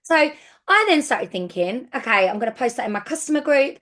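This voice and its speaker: A woman giving casual business coaching as a sales team leader, chatty and excitable with frequent restarts. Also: a little high, a little fast.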